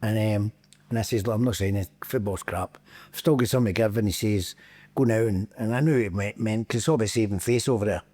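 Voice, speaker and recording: A middle-aged Scottish man, a former footballer guesting on a podcast, tells anecdotes in a loose, chatty way. His fairly low voice moves at a quick pace, and he slips into other people's voices and breaks into laughter often.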